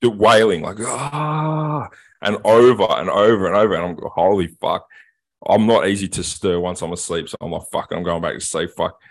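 A low-voiced man co-hosting a casual podcast. He tells stories in a sweary, animated way. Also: brisk, gravelly. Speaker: podcast co-host. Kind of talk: casual chat, storytelling.

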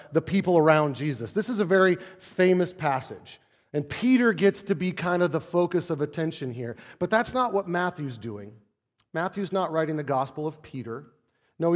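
A man, a pastor, preaching a sermon in a conversational way, dropping to soft low tones to stress a point. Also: long reverb tail.

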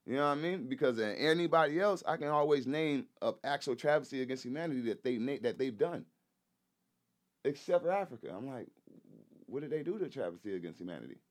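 A man's voice: mid-range voice, animated, quick pace. A man talking as a guest on a casual podcast, emphatic and profane, who repeats points and keeps checking in with "you know what I'm saying". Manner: profane, loose slangy delivery. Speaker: guest, rapper and activist.

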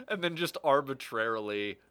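A man guesting on a podcast, retelling scenes in lively casual chat. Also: mid-range voice, measured pace, crowd noise.

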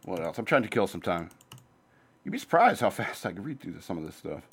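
Man hosting his own show, low-ish voice, loose rambling chat with swearing, hops from topic to topic. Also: big pitch swings, husky. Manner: rambling, profane, jumps between topics; says he talks fast. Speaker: podcast host. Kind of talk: casual rambling monologue.

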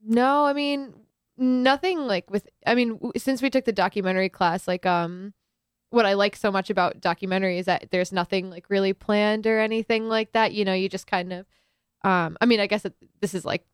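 A young woman chats about making a film, piling on fillers as she talks. Her voice is smooth and resonant. The recording is dry, with no room sound. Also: medium pitch, fairly quick, dry recording. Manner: chatty, many filler likes, animated retelling. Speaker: student filmmaker guest. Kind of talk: casual interview chat.

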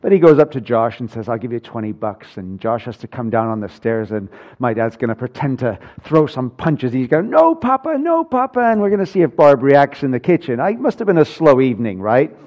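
A man's voice: mid-range voice, animated, fairly quick, few pauses, darkish tone. A man preaching a sermon, telling stories with wry humor and building emphasis. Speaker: pastor. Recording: dull lo-fi sound.

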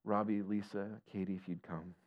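A man's voice: flat delivery, moderate pace, lo-fi sound. A man preaching a sermon and telling a story, building his voice up with feeling and then dropping to near-whispers. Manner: emotional, builds to a raised pitch then drops to near-whispers. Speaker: pastor.

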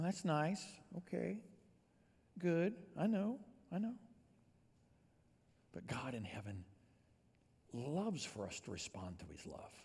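A male pastor preaching a sermon, swinging from hushed, near-whispered passages to loud, emphatic ones. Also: fairly low pitch, slightly rough, big-room sound.

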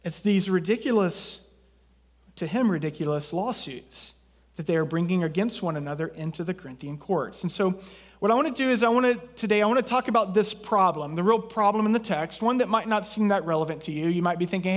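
A man's voice: sits high, a little fast. A man from southeast Texas preaching a sermon as pastor, in a conversational way with jokes and asides.

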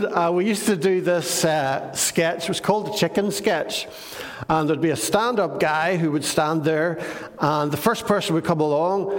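A man's voice: on the high side, long reverb tail. An older man preaching a sermon, telling stories in a chatty, self-deprecating way. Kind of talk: sermon with anecdotes.

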